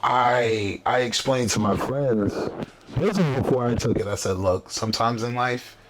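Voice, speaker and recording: A man's voice: medium pitch, a little slow, noisy background. A man hosting a casual podcast chat, talking in a motivational, emphatic way. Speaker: podcast host. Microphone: camera setup on a desk.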